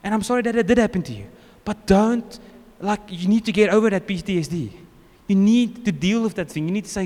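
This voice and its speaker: A man's voice: high-pitched, brisk, few pauses, darkish tone. A man with a South African accent preaching a casual, joking sermon as pastor, often acting out what people say. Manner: informal, joking, acts out quotes. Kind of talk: conversational sermon. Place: church hall. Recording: long church reverb.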